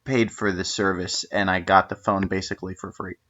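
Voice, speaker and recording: A man's voice: deep voice, little pitch movement, brisk, bright, forceful tone, highs cut off. A man hosting a stream, chatting casually in an offhand, defensive way and swearing loosely. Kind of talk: casual chat.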